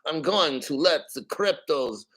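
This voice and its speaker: A man doing a quick, half-hearted impression of a boastful foreign leader in a lowered, deliberate voice. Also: expressive, a bit bright. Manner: low, deliberate, half-hearted accent attempt. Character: mock foreign leader, male, gruff and boastful.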